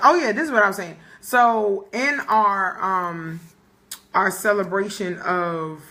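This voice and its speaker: Woman, bright tone, young adult, casual live-stream co-host, joking, swears freely. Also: medium pitch, slow. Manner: loose, joking, swears freely, laughs often. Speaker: podcast co-host.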